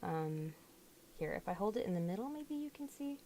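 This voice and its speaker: A woman's voice: mid-range voice, very animated, normal speed, dark tone, slight background noise. A young woman chatting through a fiddly crafting job at home, often exclaiming as she works. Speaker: doll hobby vlogger. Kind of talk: casual crafting vlog.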